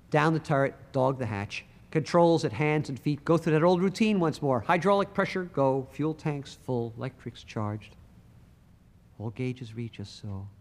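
A man's voice: medium pitch, a little mellow, in a large hall. A man telling a rhyming story in a rhythmic, punchy spoken-word recitation.

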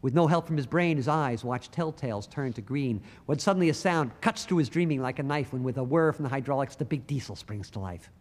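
A man's voice: mid-range voice, expressive, fairly quick, few pauses, big-room sound. A man telling a rhyming story in a rhythmic, punchy spoken-word recitation.

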